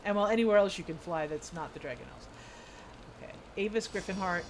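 A woman's voice: mid-range voice, quick pace, noisy background. Chatty woman streamer narrating gameplay. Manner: chatty, rambling, self-amused. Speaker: gaming streamer. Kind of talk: casual gameplay commentary.

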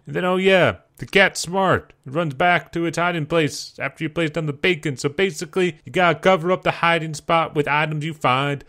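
A man's voice: on the high side, fairly bright tone. A man giving sarcastic, mocking commentary over an adventure game walkthrough. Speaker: let's play commentator.

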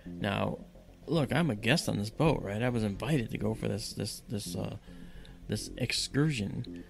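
A man telling a story on a podcast in a lively, casual way and acting out the dialogue. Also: lowish voice, measured pace, gravelly. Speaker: podcast guest. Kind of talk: casual spoken anecdote.

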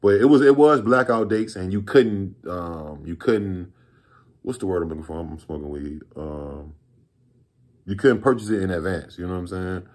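A man in his thirties from Virginia rambles through a storytime vlog, relaxed and full of slang and swearing. His voice sits on the low side for a man. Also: normal speed. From Virginia, USA. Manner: rambling, laid-back, profane slang. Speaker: vlogger telling a story.

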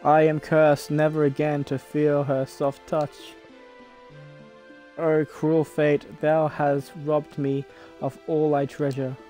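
A young hero from a stage play declaims his vengeance and his grief in theatrical, old-fashioned speech, as a man puts him on. The delivery is grand and unhurried. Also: fairly high pitch, flat delivery, warm tone, faint music behind. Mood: grieving.

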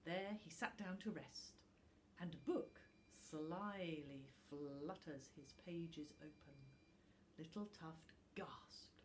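A woman reading a children's storybook aloud as a teacher, in an animated, expressive way with dramatic pauses. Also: deep voice, a little hiss or hum.

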